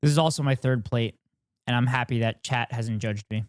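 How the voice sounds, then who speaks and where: A man's voice: mid-range voice, normal speed, clear, resonant tone, no echo, studio quality. A man live-streaming in a casual, joking way, bantering and teasing with his chat as host.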